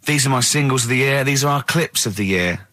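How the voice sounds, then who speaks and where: A male radio host who explains things haltingly, with plenty of fillers, in casual banter. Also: medium pitch, bright, forceful tone.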